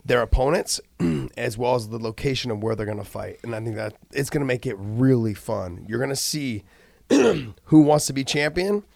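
A man co-hosting a podcast in casual chat, laid-back and rambling, clearing his throat often. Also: mid-range voice, lively intonation, normal speed, a little mellow, dry recording, studio quality. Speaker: podcast co-host.

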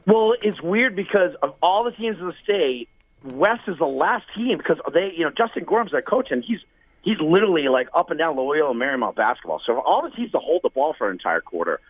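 A man's voice: fairly high pitch, sing-song, brisk, narrow, tinny audio. A man co-hosting a casual sports talk show, easygoing and jokey as he runs through picks and schedules.

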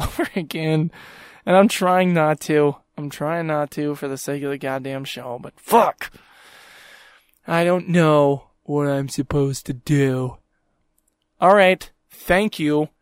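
A man's voice: a little high, takes it slowly, no room sound, studio quality. Swearing, exasperated man ranting on his podcast. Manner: exasperated, swears constantly, mocks people in quoted voices. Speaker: podcast host. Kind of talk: profane ranting monologue.

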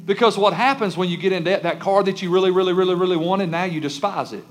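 A male pastor preaches to his congregation in an emphatic, lively way, now and then slipping into begging voices of kids and churchgoers. His voice sits high for a man. Soft music plays faintly beneath the sermon. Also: fast talker. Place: church sanctuary.

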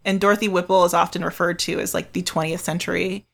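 A woman's voice: lowish voice, flat delivery, quick pace, vocal fry, a bit bright. A woman hosting a podcast in bubbly, casual chat full of fillers. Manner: bubbly, lots of "like" and "um". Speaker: podcast host.

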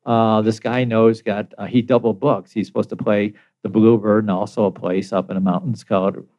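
Older American man telling a lively story. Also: on the low side, normal speed. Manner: animated, laughs often, acts out quoted voices. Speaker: guest. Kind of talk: casual storytelling.

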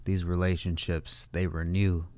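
A man's voice: low voice, flat delivery, measured pace, a little mellow, a little hiss or hum. A man hosting a casual podcast, speaking in an emphatic, blunt way with plenty of slang and swearing. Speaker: podcast host.

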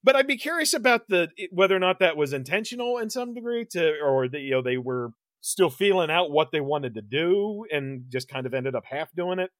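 Guy rambling on a movie podcast, kinda high and bright, swears a lot. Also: lively intonation, fairly quick, few pauses, no room sound. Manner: rambling, swears, frequent restarts. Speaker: podcast co-host. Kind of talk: casual movie review chat.

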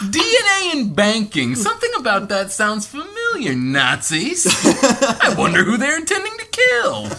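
A man on a casual podcast panel making dry wisecracks and quick corrections. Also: very high voice, huge pitch swings. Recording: loud background noise.

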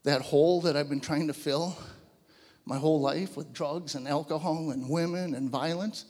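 A man in his fifties giving a personal testimony to a church audience, telling his story in an animated, conversational way. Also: on the high side, normal speed, slightly rough, in a large hall. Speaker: guest speaker giving a testimony. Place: large church hall before a live audience.

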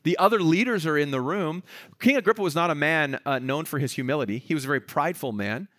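A man's voice: a little high, quick pace, no room sound, clean studio sound. A male pastor preaching a sermon, explaining a scripture passage and acting out its dialogue in different voices. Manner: animated, acts out the dialogue of a reading in voices.

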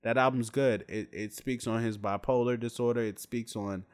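A man's voice: medium pitch, normal speed, clear, resonant tone. A man in his twenties ranting bluntly and with plenty of swearing, in a casual vlog rant to camera. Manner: blunt, profane, animated storytelling. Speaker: vlogger.

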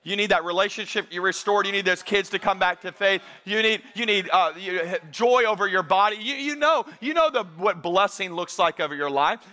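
A man with a high, bright voice preaching to his church. He speaks in a casual, conversational way and leans hard into the scripture he quotes. The tone stays clear and forward. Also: brisk, few pauses. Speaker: pastor. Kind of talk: sermon.

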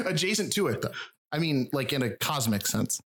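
A man's voice: a little high, sing-song, normal speed, a bit bright. Wry rural Michigan man hosting a podcast. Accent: rural Michigan, drops final G's and D's. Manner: wry, swearing, self-mocking. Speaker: podcast host and researcher. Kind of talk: casual podcast chat with jokey asides.

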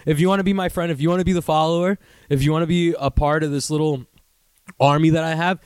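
A young man hosting his own podcast, ranting in a profane, rambling, self-mocking way and sometimes doing mocking high voices. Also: steady tone, fast, darkish tone, clean tone, no echo, clean studio sound. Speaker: podcast host. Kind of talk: casual solo podcast rant.

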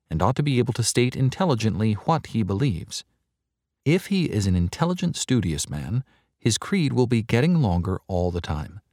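Low-voiced earnest male preacher, dry sound. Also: darkish tone, dry recording. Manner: earnest, measured preaching with slow emphatic repetitions. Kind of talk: sermon. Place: large hall before a crowd.

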